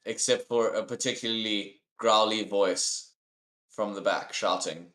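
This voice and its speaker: A man's voice: on the low side, fairly even intonation, measured pace, a bit bright. A man running a tabletop game as game master, calling for rolls and narrating the scene.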